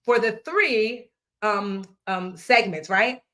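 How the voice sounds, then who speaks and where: A woman's voice: mid-range voice, takes it slowly. A woman in her thirties hosting a live online money class, playful and chatty, talking straight to her viewers with slang and asides. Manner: lively, playful, talks straight to viewers, drops into slang and snatches of song. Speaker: financial educator hosting a live workshop.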